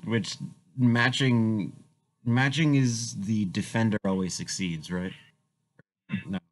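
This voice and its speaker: A man playing a tabletop role-playing game, talking casually with halting restarts. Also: on the low side, steady tone, low-quality recording. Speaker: player.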